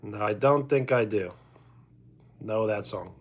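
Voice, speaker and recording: A man's voice: lowish voice, slow, slight background noise. A man with a New York accent, streaming casually and answering his chat's comments. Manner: reads out and answers chat comments. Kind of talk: casual livestream chat.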